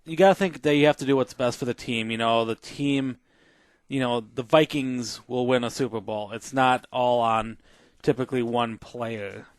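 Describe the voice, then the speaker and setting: A man's voice: mid-range voice, steady tone, normal speed, no room sound. A man co-hosting a casual podcast, hesitant and curious, full of fillers and restarts, on a close studio mic. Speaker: podcast co-host.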